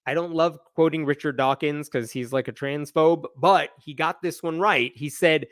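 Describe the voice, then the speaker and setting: A man's voice: on the high side, normal speed, hardly any pauses, fairly bright tone, no room sound, studio quality. A man hosting a livestream, giving sarcastic commentary and reading passages aloud. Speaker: channel host.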